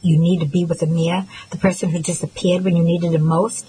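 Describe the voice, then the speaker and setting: A woman's voice: lowish voice, level tone, a little fast, mellow, a little hiss or hum, lightly acted, low-quality recording. A woman reading the lines of a hurt male fiancé in an audiobook, keeping close to her own voice. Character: man, the narrator's fiancé, hurt.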